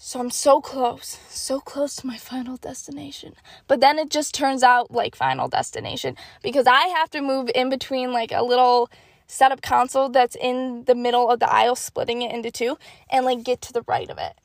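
An eighteen-year-old woman telling a story in a casual, animated way, acting out her thoughts in hushed asides. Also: on the high side, a little fast, creaky, dry recording. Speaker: vlogger.

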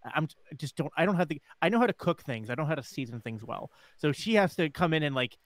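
A man co-hosting a casual talk podcast, speaking in a relaxed, easygoing way. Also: a little high, quick pace, no echo. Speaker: podcast co-host. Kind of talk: casual chat.

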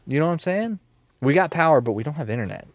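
A man hosting a casual solo podcast from his mom's house, rambling in a joking, self-mocking way with animated swings in loudness. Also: fairly high pitch, quick pace, dry recording. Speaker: podcast host and streamer.

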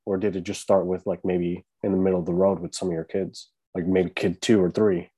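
A male podcast host with a low, mellow voice asks curious questions. His speech is loose and filled with casual "like"s. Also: flat delivery, fairly quick, husky.

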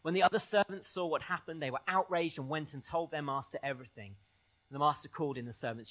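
A male pastor preaching a sermon in an animated way, swinging between loud stresses and soft, quiet phrases. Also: fairly high pitch, fast talker.

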